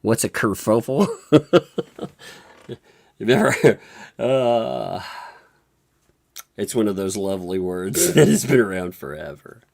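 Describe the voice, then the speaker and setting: A woman's voice: extremely low pitch, expressive, slow pace, gravelly, pauses often, a little mellow. A woman hosting a live stream, giving casual, amused and mocking gossip commentary. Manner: amused, mocking, laughing often. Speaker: livestream host.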